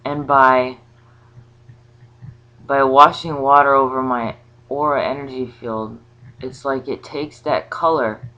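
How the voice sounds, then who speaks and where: A woman talking casually about a spiritual ritual, rambling and halting with many restarts. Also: extremely low pitch, steady tone, bright, forceful tone. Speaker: vlogger. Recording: slightly dull lo-fi sound.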